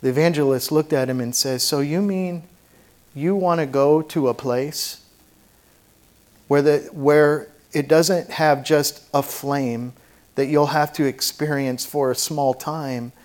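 Guy preaching a sermon, reads old scripture then tells a story, earnest, regular pitch. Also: a little mellow. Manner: reads scripture in old-fashioned wording, then explains it plainly. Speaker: pastor.

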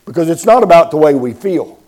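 A man's voice: on the high side, expressive, a little fast, a little mellow. A man preaching a sermon, emphatic and repeating words for stress, asking the congregation questions.

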